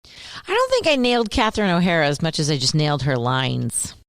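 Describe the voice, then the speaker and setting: A woman co-hosting a radio show in casual banter, playful and quick to try silly impressions. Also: low voice, wildly swooping pitch, no echo, clean studio sound.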